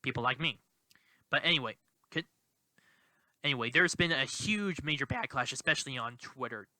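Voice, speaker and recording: A man giving political commentary in a vlog, halting and indignant, with many restarts. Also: medium pitch, lively intonation, pushed and bright, no echo. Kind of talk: commentary vlog, reading quotes aloud.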